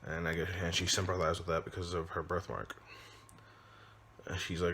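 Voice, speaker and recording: Man, very low voice, casual rambling film review, hesitant restarts. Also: flat delivery, normal speed, pushed and bright, a little hiss or hum. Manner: loose and rambling, many ums and restarts. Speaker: father; movie reviewer. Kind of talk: casual spoken movie recap.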